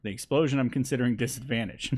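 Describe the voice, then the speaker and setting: A man's voice: mid-range voice, quick pace, a little mellow. A man narrating as dungeon master in a tabletop game, loose and laughing as he describes the scene. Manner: loose and laughing, acts out crowd voices.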